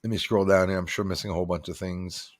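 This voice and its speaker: A man's voice: sits low, little pitch movement, very fast, dry recording, studio quality. A middle-aged man from Canada hosting a casual livestream, rambling and reading viewer comments aloud. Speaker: livestream host.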